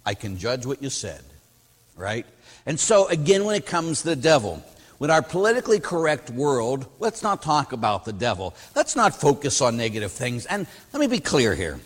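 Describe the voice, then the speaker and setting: Animated priest preaching in a reverberant hall. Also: male voice, mid-range voice, moderate pace. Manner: animated, anecdotal, emphatic storytelling. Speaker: Catholic priest. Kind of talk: sermon.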